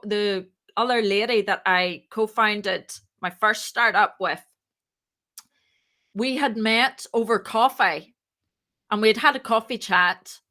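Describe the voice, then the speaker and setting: A woman who co-founded a startup, chatting casually in an interview and acting out the dialogue in her stories. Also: a little high. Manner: chatty, animated, acts out quoted dialogue.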